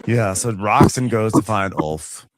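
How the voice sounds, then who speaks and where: A man's voice: fairly low pitch, measured pace, a little hiss or hum. A man co-hosting a podcast, chattily recapping a TV episode and acting out the characters. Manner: chatty, laughs easily, acts out the characters. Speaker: podcast co-host.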